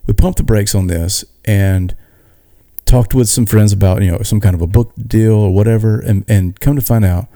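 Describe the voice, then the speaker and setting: A man co-hosting a podcast, telling a story in a casual, animated way with many restarts. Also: lowish voice, moderate pace, dry recording, clean studio sound. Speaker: podcast co-host. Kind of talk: casual chat.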